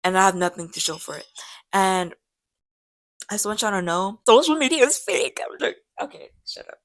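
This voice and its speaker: A young woman in her late teens, with a hoarse voice that sounds deep to her, chatting in a rambling, self-mocking way while she bakes for a vlog. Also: lively intonation, moderate pace. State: hoarse from karaoke. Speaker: vlogger. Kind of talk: casual baking vlog chat.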